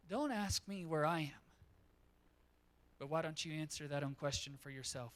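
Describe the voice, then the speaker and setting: A man pastor preaching a sermon in a church, telling a story in an animated way. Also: fairly high pitch, normal speed, long pauses. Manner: animated storytelling, acts out quotes.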